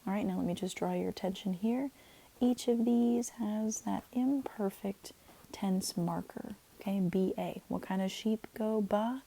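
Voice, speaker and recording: A woman's voice: medium pitch, a little slow, vocal fry, mellow, husky, low-quality recording. A woman teaching a recorded Latin lesson, chatty and leading chants, often checking in with "okay".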